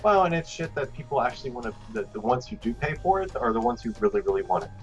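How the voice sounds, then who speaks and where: A man's voice: mid-range voice, big pitch swings, fast, dull audio, faint music behind. A man co-hosting a casual gaming podcast, talking in a blunt, wry, offhand way. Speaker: podcast co-host.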